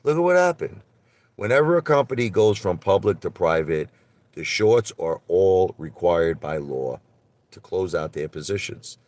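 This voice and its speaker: A man chatting casually on a live stream, rambling and animated as he tells stories. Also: deep voice, moderate pace. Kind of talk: rambling casual livestream chat.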